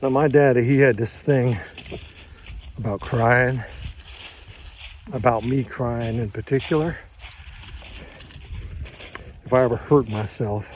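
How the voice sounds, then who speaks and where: An older man telling a first-person story in a slow, measured, plainspoken and folksy way. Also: medium pitch, a little mellow, a little hiss or hum.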